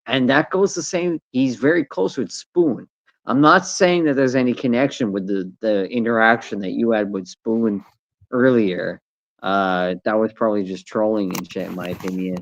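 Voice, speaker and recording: A man's voice: lowish voice, normal speed, dry recording, dull audio. A man talking casually on a streaming panel, rambling and swearing as he tells stories. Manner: rambling, profane, trails off. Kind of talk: casual chat.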